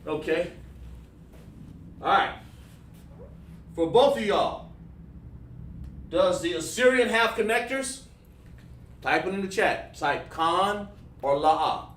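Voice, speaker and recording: Male instructor, fairly high voice, patient, keeps checking in, roomy echo. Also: animated, slow, pauses often, a bit bright, slight background noise. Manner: patient, checks in with repeated "okay, all right", praises students. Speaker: class instructor. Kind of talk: livestreamed language class. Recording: echoey room, voice far from mic.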